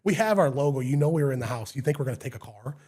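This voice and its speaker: Animated man telling stories. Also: medium pitch, rapid-fire, breathy edge. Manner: animated, acts out quoted voices loudly. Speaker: home inspector, podcast guest. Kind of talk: casual storytelling.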